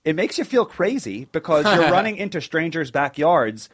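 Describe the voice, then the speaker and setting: A man hosting a comedy podcast, telling stories in an animated, jokey way. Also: a little high, moderate pace. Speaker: podcast host. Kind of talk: casual chat. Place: Los Angeles.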